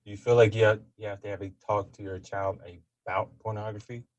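A man interviewing a guest, asking quick, probing questions. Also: fairly low pitch, flat delivery, slight background noise.

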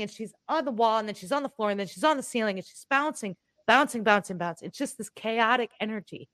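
A woman chatting casually as a co-host at home, telling a personal story in an animated, rambling way with restarts and the odd swear word. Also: fairly high pitch, no room sound. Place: room in her home.

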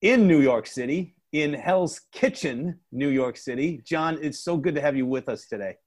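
A man's voice: on the high side, animated, normal speed. A man hosting a preaching podcast, enthusiastic and chatty while interviewing a guest. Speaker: podcast host.

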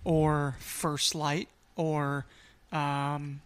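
Man, podcast co-host, casual chat, joking, unhurried, slightly high voice. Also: clear, resonant tone. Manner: relaxed and joking, with laughs.

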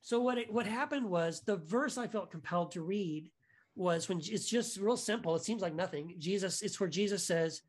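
A man's voice: high voice, moderate pace. Man telling a story with lots of restarts. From United States. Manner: animated, many restarts and "right?" asides. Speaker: podcast guest. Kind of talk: casual storytelling.

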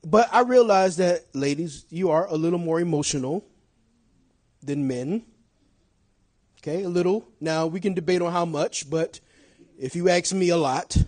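A middle-aged man preaching a sermon, swinging from shouted lines to quiet asides and laughing often. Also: fairly high pitch, moderate pace, pauses often.

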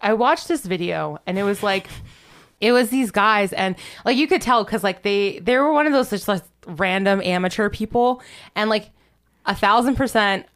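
A woman with a mid-range, fairly bright voice speaks at a moderate pace, casually retelling a ghost story on her podcast. She rambles, giggles, and says "like" constantly.

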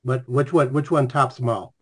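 A man hosting a podcast, asking a guest questions in a halting way with many restarts. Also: medium pitch, fairly even intonation, fairly bright tone, a little hiss or hum. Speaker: podcast host. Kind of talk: casual interview questions.

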